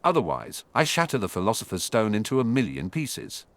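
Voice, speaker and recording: A man's voice: lowish voice, big pitch swings, a little fast, fairly bright tone. A man voicing a defiant, cheeky boy wizard who mocks his enemy. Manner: mocking, defiant.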